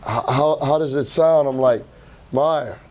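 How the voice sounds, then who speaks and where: A middle-aged man and record label founder telling an animated anecdote at an indoor hi-fi event, acting out quotes and swearing casually. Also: mid-range voice, a little slow, slight background noise. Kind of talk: casual storytelling interview.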